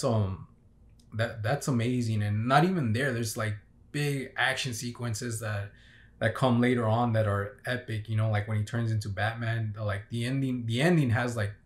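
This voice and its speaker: A young man giving a casual, unscripted movie review, rambling with many fillers and restarts. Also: fairly low pitch. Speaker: film reviewer.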